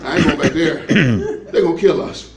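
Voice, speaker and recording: Grumbling skeptical disciple, done by a man in a sermon, low mutter, heard through a reverberant room. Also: lively intonation, normal speed, a loud crowd. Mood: reluctant. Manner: reluctant, muttering asides. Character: doubtful, grumbling male disciple.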